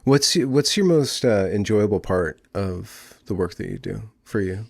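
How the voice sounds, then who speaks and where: A man's voice: lowish voice, animated, a little slow, creaky, a little mellow, no echo, studio quality. A man hosting an interview, who asks brief questions and offers short affirmations. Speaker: interview host. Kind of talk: conversational interview.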